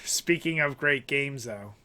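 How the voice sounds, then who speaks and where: A man hosting a podcast, upbeat and joking, who swears casually in relaxed chat. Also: medium pitch, measured pace. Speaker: podcast host.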